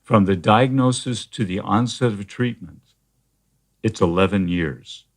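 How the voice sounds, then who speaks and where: Male therapist guest, very low voice, measured explainer, lots of "uh" and restarts. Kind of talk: conversational interview.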